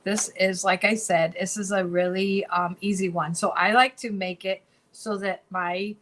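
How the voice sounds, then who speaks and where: A woman hosts a relaxed craft demonstration in a mid-range voice. She is bubbly and chatty and tends to repeat her phrases as she shows each piece. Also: mid-range voice, a little slow, poor audio. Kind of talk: casual craft tutorial.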